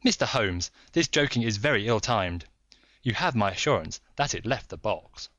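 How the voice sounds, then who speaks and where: A man voicing an anxious, excitable government minister who speaks urgently and emphatically. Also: on the low side, normal speed, no room sound, pitched below the performer's own voice. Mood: indignant. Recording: dull dry recording.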